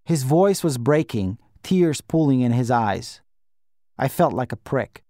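A man reading a novel aloud in first person, quiet and measured. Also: mid-range voice, expressive, no room sound, clean studio sound. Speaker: audiobook narrator.

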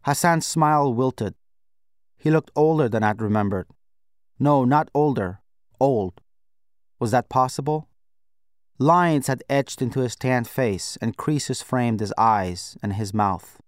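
Measured man reading a novel aloud. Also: mid-range voice, smooth, no room sound, clean studio sound. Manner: measured, reflective first-person telling. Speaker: audiobook narrator. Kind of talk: scripted narration.

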